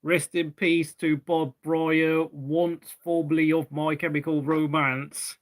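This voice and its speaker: A man's voice: fairly high pitch, little pitch movement, slow. Rambling young man hosting a race watchalong. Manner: rambling, filling gaps between race updates. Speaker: watchalong host. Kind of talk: casual live race commentary chat.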